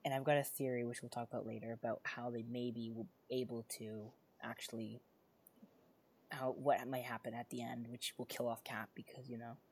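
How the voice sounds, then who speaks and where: A podcast co-host in casual chat, talking in an excitable, rambling way with many fillers and restarts. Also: medium pitch, brisk, breathy edge.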